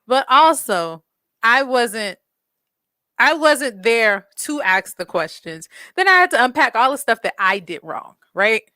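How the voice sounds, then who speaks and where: Bright, blunt woman podcast host. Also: fairly high pitch, unhurried, no room sound. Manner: animated, blunt, swears freely, acts out quotes. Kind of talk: casual storytelling chat.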